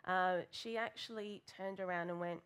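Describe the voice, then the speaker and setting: A woman gives a sermon, telling a candid and self-deprecating personal story. Her voice sits a little low, and she talks with an easy storytelling rhythm and plenty of fillers. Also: steady tone, moderate pace, a bit bright, clean tone. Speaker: preacher.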